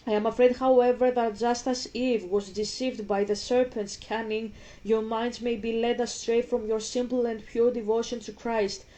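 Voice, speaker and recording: A woman's voice: on the high side, level tone, normal speed, hardly any pauses, dark tone, low-quality recording. A woman vlogging about a game, talking emphatically, swearing freely and reading scripture aloud. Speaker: gaming vlogger. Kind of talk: casual vlog commentary.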